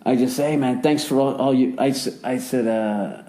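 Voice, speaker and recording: A man in his forties from the United States, hosting a casual podcast chat and telling stories with lots of swearing and sudden jumps up in pitch when he rants. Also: moderate pace. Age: 40s. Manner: profane, animated storyteller who swings his voice up high when ranting. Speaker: podcast host.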